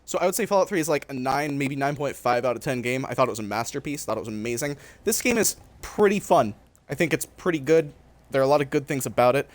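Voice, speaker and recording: A man's voice: medium pitch, lively intonation, fast talker. A young man from California giving casual gameplay commentary, lecturing in a mock-serious tour-guide manner with laughing asides. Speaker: gaming streamer.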